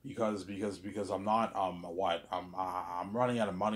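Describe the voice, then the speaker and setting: Low and steady at normal speed, this young man's voice carries a solo vlog monologue. He brags and wanders, often saying the same thing twice and stumbling over words.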